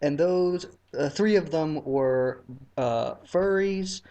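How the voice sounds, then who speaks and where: A man's voice: fairly high pitch, slow pace, warm tone. A man with a slightly raised voice co-hosts a casual podcast. He jokes around and laughs easily, talking in a loose, offhand way. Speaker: podcast co-host.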